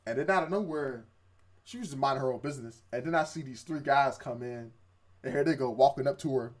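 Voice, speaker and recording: A man's voice: medium pitch, fast. A young man in casual chat, retelling an anime episode with quoted voices and laughs. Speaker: co-host reviewing anime.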